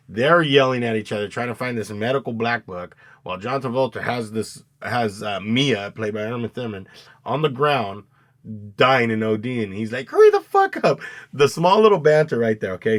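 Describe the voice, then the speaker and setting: A man co-hosting a casual movie review chat, retelling scenes with loud acted-out outbursts and plenty of swearing. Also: mid-range voice. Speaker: podcast co-host.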